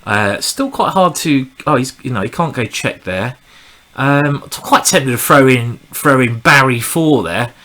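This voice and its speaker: A chess streamer gives live commentary on his own online game in a mid-range, expressive voice that sounds pushed and bright. He speaks at a measured pace, chatting and rambling and often joking at his own expense.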